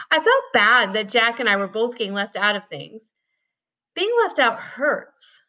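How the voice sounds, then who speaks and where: A woman's voice: mid-range voice, expressive, normal speed, bright, forceful tone. A woman teacher reading a chapter book aloud expressively, with casual asides.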